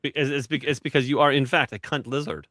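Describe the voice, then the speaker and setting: A man's voice: medium pitch, steady tone, fast talker, pushed and bright, no room sound. A man hosting a crude casual chat show, hesitant and self-deprecating, often stammering over his words. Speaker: show host.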